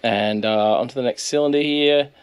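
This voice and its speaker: A man's voice: mid-range voice, moderate pace, smooth, no room sound. A man with an Australian accent, hosting his channel and narrating casually over his footage in a laid-back, chatty way. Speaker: channel host.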